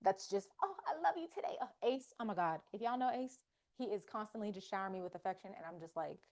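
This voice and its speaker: A woman hosting a live faith-based wellness talk, animated and playful, acting out inner voices. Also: medium pitch, quick pace. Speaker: wellness session host.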